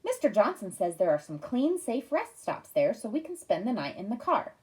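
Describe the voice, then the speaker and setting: A woman's voice: mid-range voice, very animated, a little mellow, close to an everyday voice. A woman doing an orderly planning mother. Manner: brisk, orderly, explaining. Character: organized mother reading out her plans.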